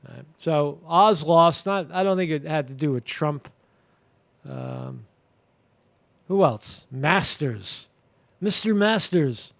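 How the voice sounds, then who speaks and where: A man's voice: a little high, lively intonation, slow pace, vocal fry, pauses often, fairly bright tone. A man hosting a live commentary show, talking casually with many fillers, restarts and crude language. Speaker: show host.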